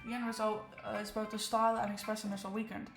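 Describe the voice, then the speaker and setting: A shy, bookish young woman who explains her ideas at length in a soft, careful way, as a woman reads her lines from a visual novel. The room around the voice sounds roomy, and light game music runs faintly underneath. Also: mid-range voice, little pitch movement, very fast, creaky, lightly acted. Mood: thoughtful. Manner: soft-spoken, thoughtful, long explanations. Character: shy, articulate young woman in a literature club. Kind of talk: reading a visual novel aloud.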